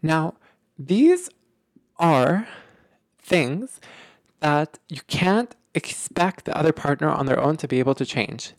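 A relationship podcast host talking in a loose, conversational way, often circling back with fillers and repeated phrases. The voice sits at a mid pitch and is recorded close and dry, with no room sound. The delivery jumps up in pitch for emphasis. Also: slow, pauses often, no room sound. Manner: animated, emphatic, lots of filler words and repetition. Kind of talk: casual explanatory talk.

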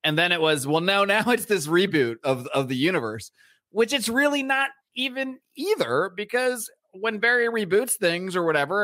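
A man's voice: a little high, no room sound, clean studio sound. A man co-hosting a podcast, ranting in casual chat with lots of swearing. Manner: animated, profane, ranting. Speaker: podcast co-host.

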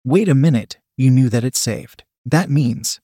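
A man playing a domineering man who barks gruff orders in a story reading. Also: medium pitch, a little slow, mellow, no room sound, clean studio sound. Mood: commanding.

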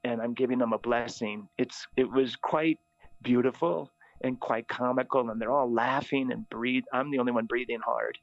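A middle-aged man, a priest, telling lively stories in a casual chat, often laughing at his own tales. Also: mid-range voice, normal speed, no echo. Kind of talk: casual storytelling. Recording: slightly dull, dry audio.

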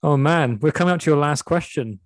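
A man's voice: on the high side, a little fast, dry recording. Teasing male podcast host. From Sweden. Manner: teasing, playful quizmaster. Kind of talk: quiz-style podcast chat.

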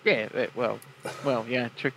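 A man from England in casual podcast chat, teasing and quick to agree. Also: medium pitch, steady tone, gravelly, a bit bright, slight background noise.

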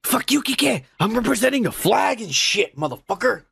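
A man's voice: very high voice, very animated, moderate pace, vocal fry, fairly bright tone, husky, no echo, studio quality. A man co-hosting a podcast, grumbling and swearing in a crude, drunk, casual chat. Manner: profane, grumbling, mock-angry. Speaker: podcast co-host.

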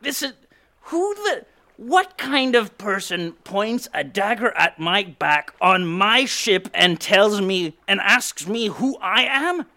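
A man's voice: fairly high pitch, animated, unhurried, pushed and bright, full character voice. A man playing a proud, easily startled pirate captain in an improvised comedy, blustery and stammering. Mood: outraged. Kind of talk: improvised comedy role-play.

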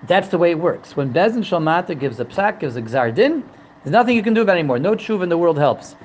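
A man's voice: fairly high pitch, big pitch swings, fast talker, a little mellow, dull audio, slight background noise. Joking, digressive male Torah teacher. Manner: humorous, digressive, repeats himself. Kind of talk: religious lesson.

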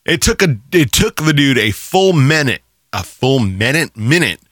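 Very animated yet unhurried, a man in his thirties speaks in a medium-pitched, slightly bright voice as he co-hosts a casual podcast. He laughs often while rambling through profane stories. The sound is clean studio audio with no echo.

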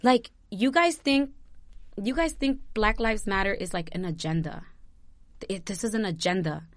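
A woman's voice: mid-range voice, normal speed, no echo. A young woman from New Jersey vlogging, giving impassioned personal commentary that circles back on itself, close to tears and swearing freely. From New Jersey, USA.

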